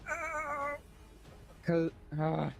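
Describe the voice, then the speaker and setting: Guy at a dnd table, slow, amused, bright voice, faint music. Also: extremely high pitch, very animated, gravelly. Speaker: player. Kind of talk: casual chat at a game table.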